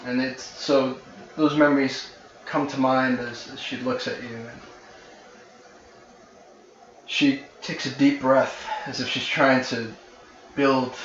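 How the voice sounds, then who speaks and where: A man's voice: medium pitch, a bit bright. A man runs a tabletop game and narrates the scene in a loose, conversational way, with many ums and restarts. His voice sits in the middle range. The sound is roomy and slightly muffled, with faint noise behind it. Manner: conversational, filler-heavy narration. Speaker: game master. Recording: roomy, slightly dull recording.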